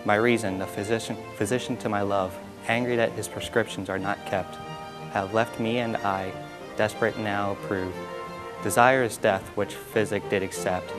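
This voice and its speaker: A man reciting a poem in a steady, measured reading. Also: fairly low pitch. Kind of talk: poetry recitation. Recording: instrumental music under voice. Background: instrumental music.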